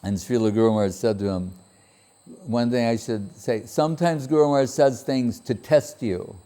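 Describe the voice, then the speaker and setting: Mellow-voiced man telling a story. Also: mid-range voice, moderate pace. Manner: animated storytelling, quotes others in raised voice, laughs often. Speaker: spiritual speaker. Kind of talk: storytelling talk.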